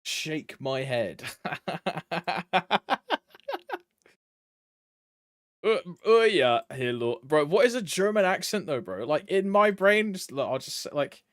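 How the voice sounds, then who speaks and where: A man's voice: on the high side, very animated, normal speed, hardly any pauses, no room sound, clean studio sound. A man streaming a game, chatting casually, joking around, swearing now and then and humming to himself. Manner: joking, loose, swears freely, hums to himself. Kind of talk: casual gameplay chat.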